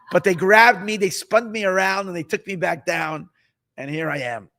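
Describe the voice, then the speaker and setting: A high-pitched rabbi telling a dramatic tale to his listeners, animated and repeating himself as he builds the scene. He sprinkles in Yiddish words and restarts his sentences. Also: measured pace, creaky. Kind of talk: sermon storytelling.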